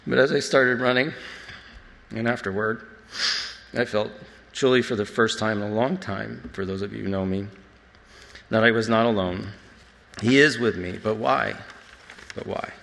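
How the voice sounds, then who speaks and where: An earnest man with a fairly low voice, giving a reflective personal testimony as a sermon. His voice rings out with the long reverb of a large hall. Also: fairly even intonation, moderate pace, creaky, long pauses, fairly bright tone. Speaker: church speaker.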